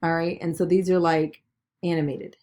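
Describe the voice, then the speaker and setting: A woman giving a chatty screen-recorded software tutorial, talking through each click with lots of "okay" and "all right". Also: on the low side, little pitch movement, normal speed. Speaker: business video tutor.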